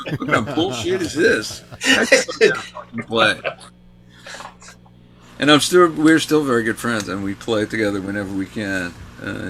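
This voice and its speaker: A man's voice: on the low side, a bit bright, a little hiss or hum. A man in his sixties from New York, a guest guitarist telling rambling stories with many fillers and restarts. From New York, USA. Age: 60s. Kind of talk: casual anecdotal storytelling.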